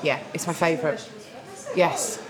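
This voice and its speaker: A woman actor as a guest at a restaurant lunch interview, telling stories in a lively, laughing way. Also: sits low, unhurried, a crowd in the background, rough recording. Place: restaurant table.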